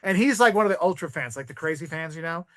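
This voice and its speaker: A man in his forties, appearing on a podcast, rambles casually through his travels and acts out voices in the quotes. His fairly high, fairly bright voice is animated and quick. It's a clean studio recording with no room sound.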